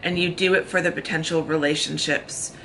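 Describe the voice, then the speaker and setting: Bright, gravelly American woman chatting. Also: deep voice, fairly even intonation, fairly quick, a little hiss or hum, poor audio. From United States. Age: 30s. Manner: chatty, talks in long run-on thoughts. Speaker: vlogger. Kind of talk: casual chat. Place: hotel room.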